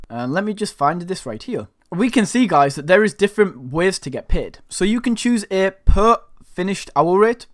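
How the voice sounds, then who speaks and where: A man's voice: sits high, fairly bright tone, dry recording, clean studio sound. A man from Northern England with a Northern English accent, walking viewers through a screen-share tutorial in an upbeat, chatty way. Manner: upbeat, chatty, keeps addressing viewers as guys. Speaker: online side-hustle tutorial host.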